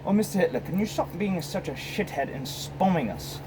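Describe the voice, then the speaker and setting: A man's voice: high-pitched, expressive, normal speed, noisy background, voice pushed up. A man voicing a timid, stiff-upper-lip British man who pleads politely. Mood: politely pleading.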